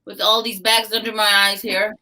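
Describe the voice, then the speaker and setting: A woman's voice: mid-range voice, flat delivery, normal speed, bright, forceful tone. A woman co-hosting a casual live video-call chat, easygoing and joking, reassuring the others. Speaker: co-host.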